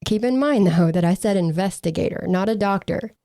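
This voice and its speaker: A woman's voice: medium pitch, brisk, mellow, no echo. A woman co-hosting a true crime podcast, reading from case reports with dry, sarcastic asides.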